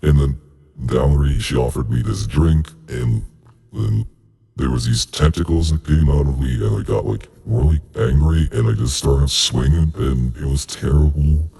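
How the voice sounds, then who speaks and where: A man's voice: a bass voice, normal speed, vocal fry, warm tone, breathy edge, exaggerated voice. A man voicing a flustered young woman worker sprouting tentacles, rambling tearfully in a tabletop role-play. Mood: upset.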